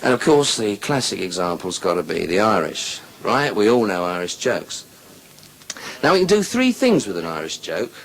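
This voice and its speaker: A man's voice: lowish voice, very animated, moderate pace, creaky, fairly bright tone, a little hiss or hum, poor audio. A man doing live stand-up comedy, telling bawdy jokes with chatty asides. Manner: bawdy joke-telling with "you see" asides.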